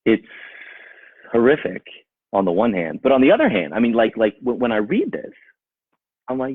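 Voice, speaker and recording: Impassioned rabbi with tinny sound. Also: male voice, medium pitch, big pitch swings, normal speed, long pauses, breathy edge, no room sound. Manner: emphatic, rhetorical questions, repeats phrases for force. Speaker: rabbi giving a talk. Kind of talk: impassioned talk to a live audience.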